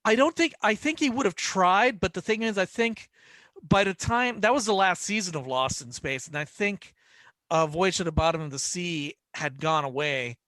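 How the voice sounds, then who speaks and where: A man's voice: high-pitched, expressive, moderate pace, sharp tone, dry recording. A man on a podcast panel telling rambling stories with many restarts, acting out the lines of the people he quotes. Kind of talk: casual panel chat.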